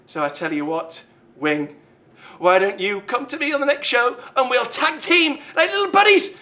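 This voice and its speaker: A man's voice: a little high, sharp tone. A man giving a boastful wrestling promo in a smug, mocking manner.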